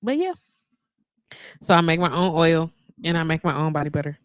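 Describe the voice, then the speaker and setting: A woman's voice: deep voice, lively intonation, brisk, clear, resonant tone, dry recording. A woman hosting a live online show from her wellness practice, chatting casually with viewers, greeting them and laughing often.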